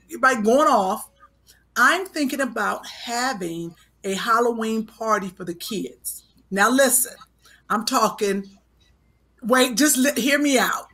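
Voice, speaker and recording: A middle-aged woman with a fairly high, sharp-toned voice co-hosts a comedy podcast, teasing her partner. She talks a lot in casual chat, rambling her way through plans.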